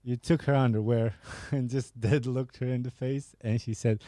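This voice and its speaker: A man's voice: mid-range voice, fairly even intonation, moderate pace, mellow, dry recording, clean studio sound. A man hosting a podcast, casually reading out and joking about viewer messages, laughing and swearing often. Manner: laughing, profane, banter. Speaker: podcast host.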